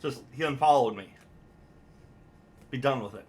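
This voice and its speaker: A man hosting a reaction commentary, unhurried as he talks over clips. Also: medium pitch. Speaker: commentary host.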